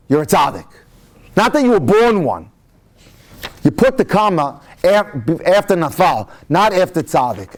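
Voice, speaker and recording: A male rabbi lecturing with lively storytelling energy. His voice sits a bit high for a man and swings up and down as he acts out each scene. He slips Hebrew phrases into sounding English.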